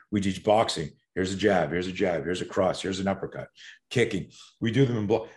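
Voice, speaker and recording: This man in his sixties has a low-pitched voice. He is an animated guest who tells stories with profanity. He acts out quoted lines as he goes. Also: brisk. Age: 60s. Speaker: self-defense expert guest. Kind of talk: podcast storytelling.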